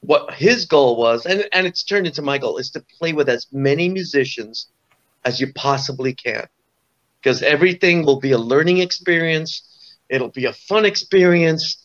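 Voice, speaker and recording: Brief: man in his sixties, guest storyteller, rambling and chatty, slightly high voice, dull lo-fi sound. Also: expressive, moderate pace, fairly bright tone. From Orange County, California. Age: 60s. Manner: rambling, full of "you know" and restarts. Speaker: guest musician. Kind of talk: casual storytelling interview.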